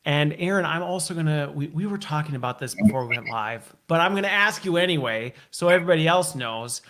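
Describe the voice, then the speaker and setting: A man's voice: on the high side, lively intonation, fairly quick, a bit bright. A man hosting a live online show, upbeat and playful, laughing often and teasing his guest. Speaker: host. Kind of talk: casual live show chat.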